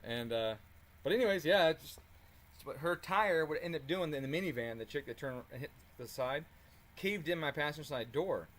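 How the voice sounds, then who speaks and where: A man telling a story in a casual, animated way while working on a car, swearing freely and chuckling as he talks. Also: a little high, moderate pace. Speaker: car tuning channel host.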